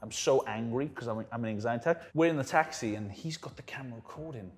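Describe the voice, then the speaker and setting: A young Welsh man telling stories in a casual interview, animated and acting out the people he quotes. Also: medium pitch, fast talker. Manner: animated storyteller who acts out quotes. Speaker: guest.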